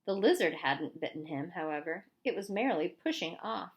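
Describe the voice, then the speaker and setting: A woman reading a novel aloud in a clear, steady storytelling manner. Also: lowish voice, moderate pace. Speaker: audiobook reader.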